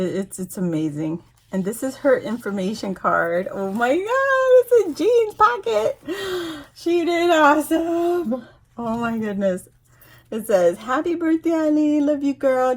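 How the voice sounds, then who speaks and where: A woman's voice: mid-range voice, normal speed. A woman vlogger chatting casually as she unboxes craft supplies, gushing and exclaiming often with frequent laughter. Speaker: craft vlogger opening a giveaway package. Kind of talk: excited casual unboxing chat.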